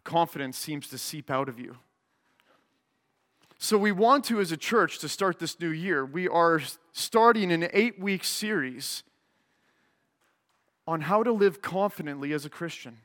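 Animated pastor in an echoing hall. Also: male voice, a little high, a little slow, pauses often. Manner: animated, acts out the people in his stories. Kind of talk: sermon with storytelling.

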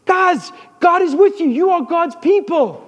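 Fearless young David, a fervent shepherd boy, voiced by a preacher in a sermon, declares his faith boldly. The voice sits very high for a man. Long hall reverb trails each phrase. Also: animated, a little slow. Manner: bold, rousing declarations.

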